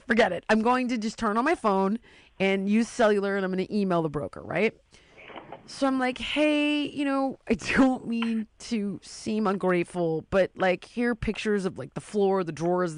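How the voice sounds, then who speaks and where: A woman's voice: medium pitch, moderate pace, no echo. A woman in casual chat, telling a long story and acting out the voices of the people in it.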